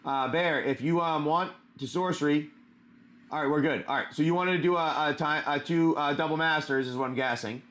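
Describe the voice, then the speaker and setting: Chatty male card-stream host, higher voice. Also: a little fast, a bit bright. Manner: chatty, greets viewers by name, many fillers. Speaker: live stream host opening card packs. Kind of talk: casual live stream chat.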